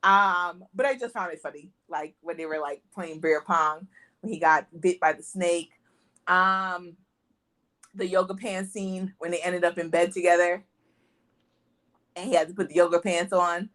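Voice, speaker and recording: Speaking at a moderate pace, a woman with a fairly low, fairly bright voice and fairly even intonation co-hosts a casual movie review podcast. She retells scenes animatedly, voices the quotes and laughs frequently.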